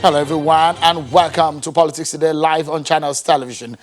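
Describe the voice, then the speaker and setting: A man anchoring a live TV politics programme, speaking in a measured way with frequent fillers. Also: fairly high pitch, steady tone, faint music behind. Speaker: news anchor. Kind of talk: live TV news presenting.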